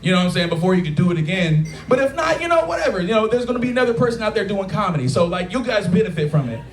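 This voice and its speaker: High-voiced man doing stand-up in an echoey bar. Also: rapid-fire. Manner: profane, animated storytelling with acted-out quotes. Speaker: stand-up comedian. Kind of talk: stand-up comedy set. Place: taproom stage with a live audience. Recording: echoey bar room with loud crowd laughter.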